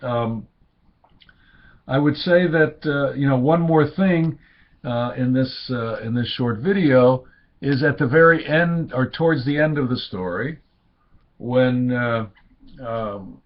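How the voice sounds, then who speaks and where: A man at a middle pitch gives an unhurried, informal lecture, pausing on fillers and restarting his sentences as he thinks. He quotes Hebrew phrases and lifts his voice to act out the people he quotes. The recording sounds somewhat dull and lo-fi. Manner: quotes Hebrew and acts out speakers with raised pitch. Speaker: lecturer on rabbinic texts.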